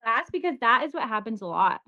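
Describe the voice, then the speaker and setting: A woman's voice: on the high side, sing-song, fairly quick, pushed and bright, highs cut off. A young woman, a guest on a podcast, chatting casually, laughing often and acting out her own thoughts. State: new mother. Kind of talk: casual chat.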